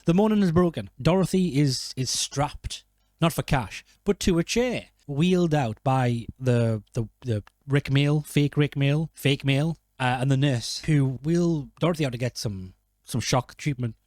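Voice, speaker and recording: Unhurried and a little mellow, a medium-pitched male film reviewer meanders through jokey, casual commentary, regularly correcting himself partway through a sentence. No echo is heard.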